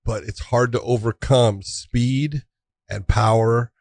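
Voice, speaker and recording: Dude breaking down fights on a podcast, calm and measured, dry close mic. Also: male voice, medium pitch, vocal fry, dry recording. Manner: thoughtful, measured breakdowns with fillers. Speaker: podcast co-host, fight analyst. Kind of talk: casual sports analysis.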